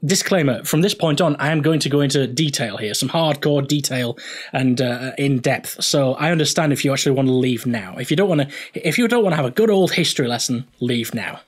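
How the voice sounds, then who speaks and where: A man's voice: medium pitch, brisk. A young man hosting a gaming video, explaining history casually with jokey, rambling asides.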